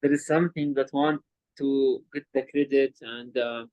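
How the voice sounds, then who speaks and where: A man's voice: mid-range voice, steady tone, no room sound, highs cut off. Hesitant man asking questions. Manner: hesitant, halting, laughs shyly.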